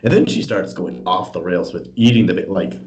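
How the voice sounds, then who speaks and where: A man co-hosting a podcast in casual political chat, animated and mocking, with halting restarts. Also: deep voice, muffled recording. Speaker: podcast co-host.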